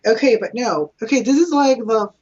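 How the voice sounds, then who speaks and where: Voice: mid-range voice, lively intonation, a little fast, darkish tone, slightly rough. A co-host of a casual home-made chat show, giggly and teasing, talking loosely with a friend. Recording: dull lo-fi sound.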